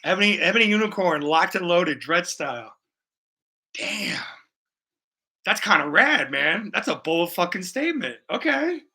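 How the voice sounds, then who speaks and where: Bright-voiced man chatting while painting. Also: high voice, big pitch swings, normal speed, pauses often, breathy edge. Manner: loose, profane, chatty with viewers. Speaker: livestreaming painter. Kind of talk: casual live-stream chat while painting.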